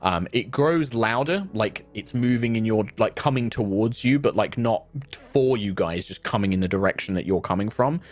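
A man's voice: on the low side, expressive, normal speed, hardly any pauses. A man narrating a tabletop game as game master, casual and vivid, with lots of fillers.

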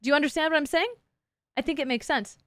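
A woman's voice: high voice, fast, fairly bright tone, dry recording, studio quality. A woman streamer chatting casually with her live chat, playful and teasing, swearing freely. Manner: playful, crude, swears a lot, teases chat.

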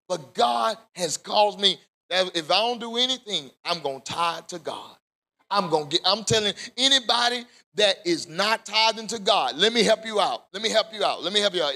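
A man a Bible study sermon in call-and-response style, rising to shouts at the peaks. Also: high-pitched, creaky. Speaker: pastor.

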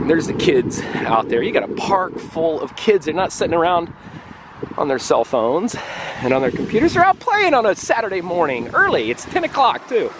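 A man in his forties from the United States, chatting casually and excitably as he walks and vlogs outdoors, out of breath on a climb. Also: on the high side, moderate pace. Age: 40s. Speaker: travel vlogger. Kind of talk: casual walking vlog. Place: outdoors in a windy town and hillside. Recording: wind noise on outdoor mic.

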